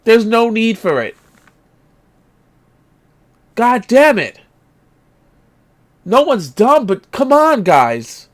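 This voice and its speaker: High-voiced man ranting about games. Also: big pitch swings, drawn-out words, pauses often. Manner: exasperated ranting, coughs often; swears casually. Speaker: retro gaming YouTuber. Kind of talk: casual vlog rant and show-and-tell.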